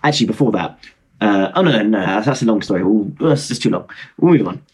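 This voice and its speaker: A man's voice: on the low side, lively intonation, fast talker, darkish tone, breathy edge. A man in his twenties, from Britain, telling a rambling, self-mocking story over a video call. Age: 20s. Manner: rambling, self-mocking, lots of fillers and restarts. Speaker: guest.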